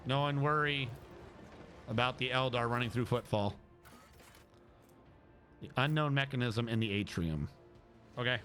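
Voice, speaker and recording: A man's voice: mid-range voice, a little slow, pauses often, a bit bright, soft background music. A man streaming a video game, chatting and thinking aloud as he reads the game text. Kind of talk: casual gaming commentary.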